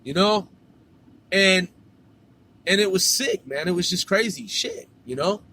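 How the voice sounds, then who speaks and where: A man's voice: sits high, lively intonation, measured pace, bright, forceful tone. A man telling a story casually, swearing and saying "man" at the end of his sentences. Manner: profane, drawling, says "man" constantly.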